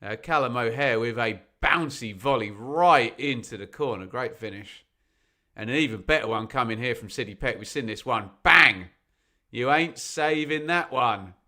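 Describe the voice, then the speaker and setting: A man's voice: mid-range voice, normal speed, pushed and bright. A man hosting a live football watch-along, chatting and joking as he reads out viewers' locations. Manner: chatty, jokey, bursts into snatches of song. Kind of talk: live-stream chat reading out viewers.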